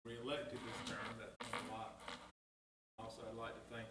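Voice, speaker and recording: A man's voice: mid-range voice, monotone, normal speed. A man, a town councilman giving plain thank-you remarks at a council meeting, recorded from a distance in an echoey chamber with background noise.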